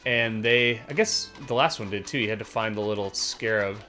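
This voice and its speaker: A man in his thirties streaming a retro game, talking in a relaxed, rambling way with many fillers. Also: on the low side, normal speed. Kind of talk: casual game-stream chat. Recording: faint game music behind.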